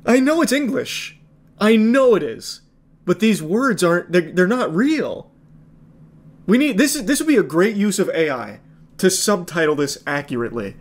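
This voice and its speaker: A man's voice: high-pitched, sing-song, normal speed. A man doing casual video reaction commentary, incredulous and sarcastic, swearing freely.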